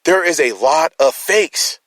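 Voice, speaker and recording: A man's voice: on the high side, lively intonation, slow, a bit bright, dry recording. A man speaking as a concerned citizen in an emotional personal monologue, rambling and restarting his words as he challenges his listeners.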